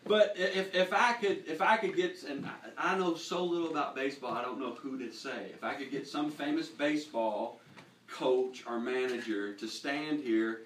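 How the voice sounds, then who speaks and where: A middle-aged man leading a casual Bible lesson in a living room, animated and stumbling on repeated words as he starts sentences. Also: medium pitch, moderate pace, a little hiss or hum. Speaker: Bible study teacher. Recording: echoey room, voice from far off.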